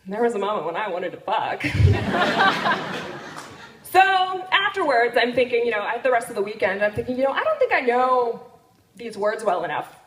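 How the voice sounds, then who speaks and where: A woman telling a bawdy comic story on stage at a live storytelling night, animated and laughing through her lines. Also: on the high side, moderate pace, a crowd in the background, noisy background. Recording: roomy venue with audience laughter.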